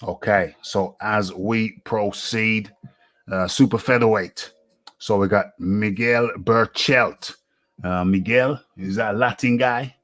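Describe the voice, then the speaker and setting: Host: man, low unhurried voice, thinking aloud with lots of ums, dry close sound. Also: steady tone, fairly bright tone, no echo. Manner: musing aloud, many fillers and pauses. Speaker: boxing radio host. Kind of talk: casual solo commentary.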